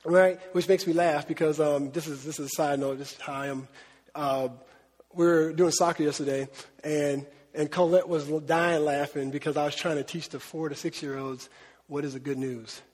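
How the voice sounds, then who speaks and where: A man's voice: fairly high pitch, fairly even intonation, normal speed, a little mellow, breathy edge, in a large hall. A man preaching a sermon as a pastor, talking in a conversational way and often asking his listeners questions. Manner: conversational, asks the audience questions.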